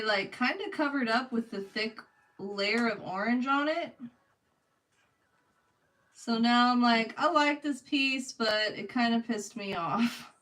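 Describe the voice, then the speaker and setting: A young woman with a Californian accent chats casually to her stream while painting. Her voice sits a little high and sounds slightly distant from the microphone. She laughs often and speaks straight to her viewers. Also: sharp tone. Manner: chatty, laughs often, talks to chat. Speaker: art streamer.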